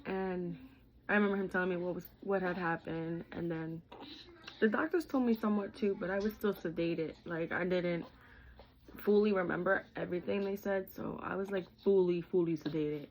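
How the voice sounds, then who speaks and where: A woman's voice: fairly low pitch, normal speed, darkish tone, slight background noise, poor audio. A young woman vlogging, telling a personal story in a candid, heartfelt, chatty way, full of "like" and "literally".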